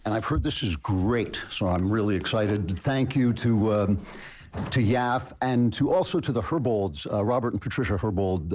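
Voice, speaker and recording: A man's voice: lowish voice, darkish tone. Dry-humored man giving a lecture. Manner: dry, deliberate, self-deprecating humor. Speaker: guest speaker. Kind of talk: university lecture speech. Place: lecture hall before an audience.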